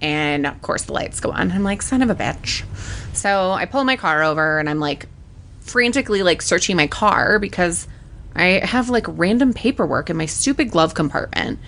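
A woman's voice: normal speed, vocal fry, slight background noise. A young adult woman co-hosting a podcast, telling a story in casual chat and acting out the people she quotes. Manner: animated, acts out quotes with pitch jumps. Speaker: podcast co-host.

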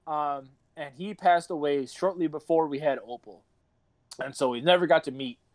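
High-voiced rambling young man. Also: moderate pace, no room sound. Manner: rambling, swearing, laughing storyteller. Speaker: podcast host. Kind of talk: casual podcast chat.

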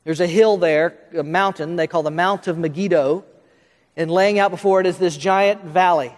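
A man preaching a Bible-study sermon, speaking quickly, with frequent restarts and filler words, and pushing up into questions he asks the room. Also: sits high. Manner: talks quickly, restarts and fills in with uh, rising to questions. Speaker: pastor. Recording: long hall reverb.

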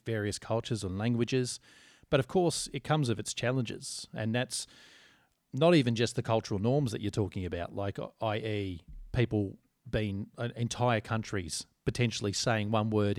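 A man's voice: fairly low pitch, a little mellow, no room sound, studio quality. A man co-hosting a podcast, wry and articulate in casual banter. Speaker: podcast co-host.

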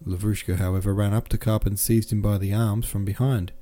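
A man hosting a podcast and reading a classic novel aloud in steady, measured narration. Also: on the low side. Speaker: podcast host and reader.

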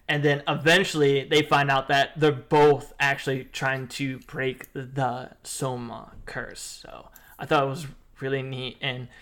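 A male co-host chats casually about an anime in a review-style conversation, emotive and rambling with many fillers. His voice is medium-pitched and a bit bright.

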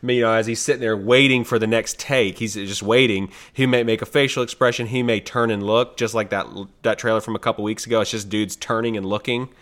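A man's voice: on the low side, steady tone, a little fast, few pauses, a bit bright. A man co-hosting a podcast, chatting casually and playfully, often trailing off mid-thought. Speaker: podcast co-host. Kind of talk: casual chat.

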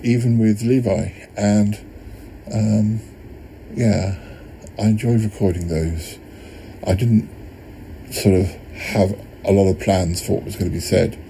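Low, mellow-voiced male podcast host. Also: creaky, slight background noise, poor audio. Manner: rambling, with many ums and restarts. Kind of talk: casual retrospective narration.

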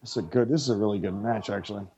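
A man excitedly calling a wrestling match move by move as he watches it with friends, swearing freely and reacting loudly to each big moment. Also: fairly low pitch, very fast, husky, lo-fi sound. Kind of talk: casual live watch-along commentary.

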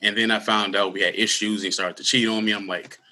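A man in his thirties telling his personal story in an interview, earnest and candid, with halting restarts. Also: on the low side, little pitch movement, sharp tone. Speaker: guest; school security worker.

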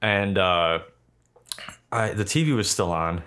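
A man's voice: deep voice, lively intonation, takes it slowly, fairly bright tone, clean tone. A young man telling a long, rambling, profane story in a casual chat, full of fillers.

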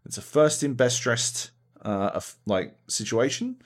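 A man co-hosting a casual gaming podcast, telling profane, animated stories about multiplayer sessions. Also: medium pitch, measured pace. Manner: profane, animated storytelling with lively put-on voices. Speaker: podcast co-host.

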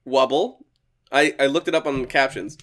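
A man's voice: mid-range voice, fast, pushed and bright. A man hosting a podcast, chatting casually about a movie, laughing often and restarting his sentences. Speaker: podcast host.

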